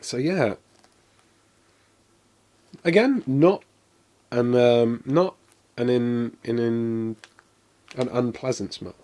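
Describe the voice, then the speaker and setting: A man's voice: mid-range voice, very slow, pauses often, darkish tone. Englishman streaming live, loose and self-deprecating, lots of fillers. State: coughing, something went down the wrong way. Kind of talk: casual live-stream taste test.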